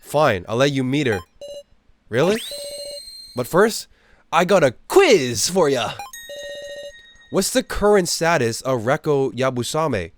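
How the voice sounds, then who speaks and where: A man voicing a slow, sly taunting doll. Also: mid-range voice, big pitch swings, faint music behind.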